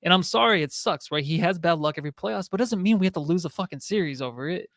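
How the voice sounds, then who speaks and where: A man co-hosting a sports podcast, easygoing and quick to joke, with casual swearing. His voice sits a little higher than most men's. The recording is close and dry. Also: animated, fairly bright tone, dry recording. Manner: laid-back, joking, swears casually. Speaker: podcast co-host.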